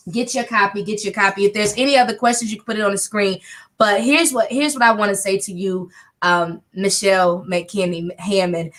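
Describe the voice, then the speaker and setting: A woman's voice: medium pitch, a bit bright. A woman in her thirties hosting a casual chat on a video call, effusive and emotional, with slangy talk. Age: 30s. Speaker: host.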